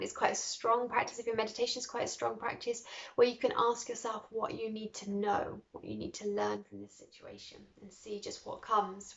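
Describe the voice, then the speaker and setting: A woman teaching a guided meditation, giving slow, soothing breathing instructions with audible sighing exhales. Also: fairly high pitch, creaky. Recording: roomy, slightly dull recording.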